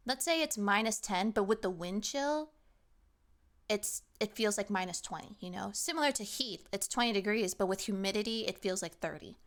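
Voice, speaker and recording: A young woman streamer chatting casually with her chat, lively and animated, sometimes acting out what people say. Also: mid-range voice, moderate pace.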